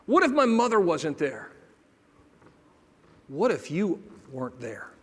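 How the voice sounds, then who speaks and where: Middle-aged male keynote storyteller, a touch high-pitched, humorous with quiet heartfelt turns; long hall reverb. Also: wildly swooping pitch, slow. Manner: humorous, builds to hushed emotional moments. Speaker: motivational speaker.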